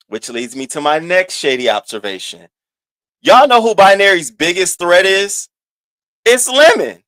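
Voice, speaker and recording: Sassy, animated man doing gossip commentary. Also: no room sound. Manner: animated and profane, swinging between loud outbursts and low asides; sassy, drawn-out emphasis. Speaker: host of a commentary channel.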